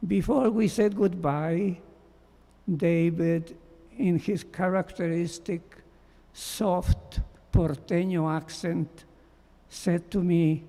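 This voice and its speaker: Man, memorial tribute, high voice, dark mellow tone, slow measured reading. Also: fairly even intonation, creaky. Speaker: memorial speaker, former doctoral student. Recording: long hall reverb.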